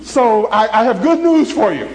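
A man preaching a sermon as pastor, swinging between excited high tones and soft low ones, acting out voices in little stories. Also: normal speed, echoey room, low-quality recording.

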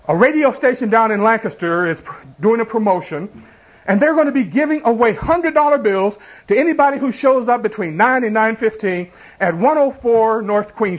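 Pastor, male, high-pitched voice, preaches with rhetorical questions and everyday illustrations. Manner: preaching with rhetorical questions and congregation call-outs. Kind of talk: sermon.

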